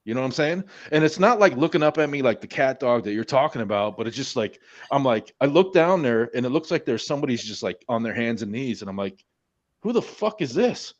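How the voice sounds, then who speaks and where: A man's voice: medium pitch, animated, fast talker, hardly any pauses, highs cut off. Profane, rambling man on a stream. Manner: heavy swearing, rambling, many restarts. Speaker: Marine veteran guest. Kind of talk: casual storytelling among friends.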